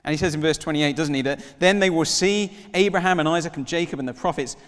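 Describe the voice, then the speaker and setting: A man in his thirties preaching a sermon, telling stories with lively acted-out dialogue. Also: fairly high pitch, fast talker, in a large hall. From Wales. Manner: animated storytelling, acts out dialogue in voices.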